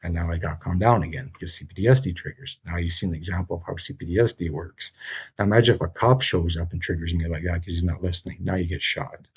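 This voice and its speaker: Man, deep raspy voice, flat agitated ramble with heavy swearing. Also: fast. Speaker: vlogger appealing for funds. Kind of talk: unscripted rant to camera.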